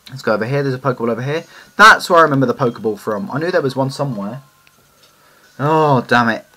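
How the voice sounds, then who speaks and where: English guy, mid-pitched, narrating his game run with chatty tangents, soft game music underneath. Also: poor audio. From England. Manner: rambling, chatty, drifts into side stories. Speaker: let's play commentator. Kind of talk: casual gameplay commentary.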